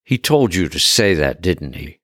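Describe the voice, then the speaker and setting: A low-voiced man playing a bitter, sarcastic wife. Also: very animated, measured pace, fairly bright tone, no room sound, clean studio sound, heavily acted. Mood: irritated sarcastic. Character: irritated, sarcastic jealous wife.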